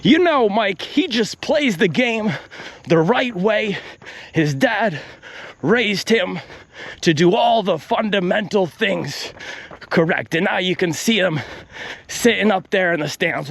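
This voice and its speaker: A man's voice: high voice, lively intonation, slow pace, vocal fry, fairly bright tone, dry recording, voice pushed up, heavily acted. A man doing an impression of an earnest, folksy female basketball TV commentator who gushes and keeps addressing her broadcast partner by name. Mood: gushing.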